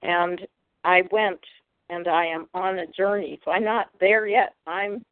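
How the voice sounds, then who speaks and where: A woman from Pennsylvania sharing reflectively at a recovery meeting, pausing often to find her words. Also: fairly low pitch, fairly even intonation, no room sound. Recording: dry, tinny phone line.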